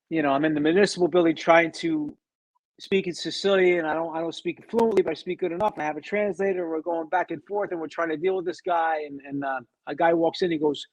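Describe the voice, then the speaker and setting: A middle-aged man telling a personal story as an interview guest, animated, acting out the people he quotes and often restarting his sentences. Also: fairly high pitch, no room sound, low-quality recording. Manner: animated, acts out quoted dialogue, frequent restarts.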